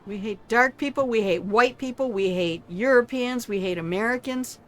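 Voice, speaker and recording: Speaking at a normal speed with a fairly high pitch, an older woman streams a video game and chats casually with viewers. Her commentary is salty and teasing, and she swears freely.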